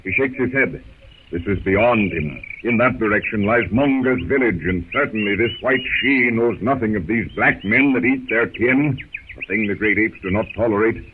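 A man's voice: on the low side, moderate pace. Brief: male narrator, dramatic storytelling, 1930s radio acting, phone-thin sound. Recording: tinny old radio broadcast with hiss.

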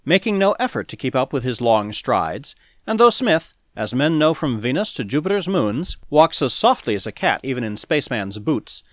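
In studio-quality audio with a dry, unreverberant sound, a man narrates an audiobook. His pitch is medium, and his storytelling is deliberate and expressive.

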